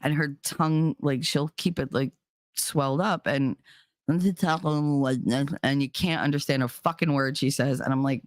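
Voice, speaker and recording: A woman's voice: very deep voice, steady tone, measured pace, no room sound, studio quality. A middle-aged woman with a New Jersey accent, talking candidly and bluntly on her podcast, swearing freely. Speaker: podcast host, parent. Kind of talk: casual candid talk.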